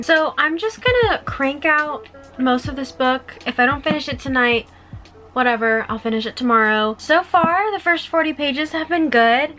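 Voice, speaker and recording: Chatty young woman with music behind. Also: a little high. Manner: chatty, says "like" often. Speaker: book vlogger. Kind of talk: casual vlog diary. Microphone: camera or phone nearby.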